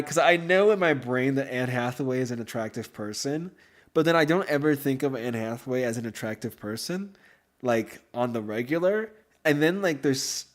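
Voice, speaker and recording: A man hosting a podcast in casual chat, rambling and excitable, with many fillers. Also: mid-range voice. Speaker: podcast host.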